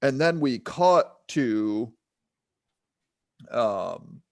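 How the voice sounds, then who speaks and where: A man's voice: medium pitch, very animated, very slow, gravelly, darkish tone. A man co-hosting a film podcast, chatting casually, laughing often and checking in with "right?". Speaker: podcast co-host.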